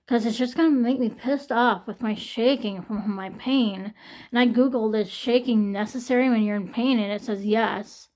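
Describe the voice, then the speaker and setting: A young woman talks straight to her viewers in a raw, emotional vlog, her voice sitting a little high. She is shaking from pain and close to tears, venting hard with frequent swearing. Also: normal speed, darkish tone. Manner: distressed, venting, swearing often. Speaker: vlogger.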